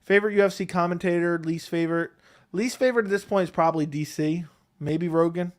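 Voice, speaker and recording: Relaxed man chatting on a live stream. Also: high voice, fast. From Connecticut, USA. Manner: relaxed, rambling, answers chat questions one by one. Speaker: MMA YouTube host reading live chat. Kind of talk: casual live-stream chat. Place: home, seated in a chair. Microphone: close desk microphone.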